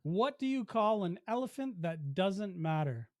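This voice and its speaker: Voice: mid-range voice, big pitch swings, unhurried, no echo, clean studio sound. A podcast host in casual chat, telling jokes and signing off in an easygoing way. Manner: easygoing, joking, signs off the show.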